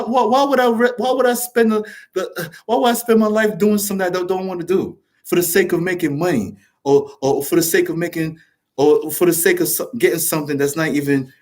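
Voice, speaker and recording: Host, man, fairly high-pitched, fired-up rant full of cursing and false starts. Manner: passionate, rambling, swears a lot; restarts and repeats words. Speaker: show host. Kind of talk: casual monologue to camera.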